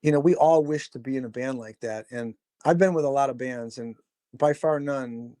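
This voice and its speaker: A man's voice: medium pitch, moderate pace, dark tone, no room sound, clean studio sound. Rambling, swearing man telling band stories. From Chicago. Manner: rambling, swears freely, acts out quoted voices. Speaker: podcast guest, musician. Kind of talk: casual storytelling interview.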